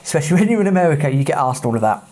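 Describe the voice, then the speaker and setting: A man's voice: fairly high pitch, very animated, very fast, darkish tone. Blunt, chatty English man telling travel stories. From England. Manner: chatty and blunt, with British slang. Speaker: podcast host. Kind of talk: casual travel storytelling.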